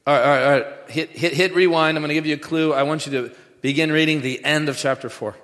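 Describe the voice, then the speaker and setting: A man's voice: fairly high pitch, steady tone, fast, a bit bright. Male preacher in an echoey hall. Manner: emphatic, leads the congregation in call-and-response. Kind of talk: sermon. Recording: echoey hall with long reverb.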